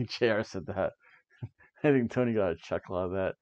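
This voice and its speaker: A man's voice: on the low side, normal speed, darkish tone, highs cut off. A man in his forties casually reviewing wrestling from his seat, chatty and drifting off into tangents. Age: 40s. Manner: chatty, jumps between tangents, frequent asides. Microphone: webcam while seated.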